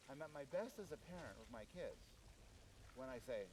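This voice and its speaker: Lively-voiced man lecturing from afar. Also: mid-range voice, fairly quick, recorded from a distance, noisy background. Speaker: speaker.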